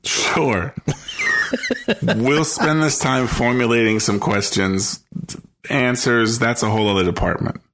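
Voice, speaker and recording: A man's voice: medium pitch, slow pace, a bit bright. A man co-hosting a podcast in easygoing casual chat. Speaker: podcast co-host.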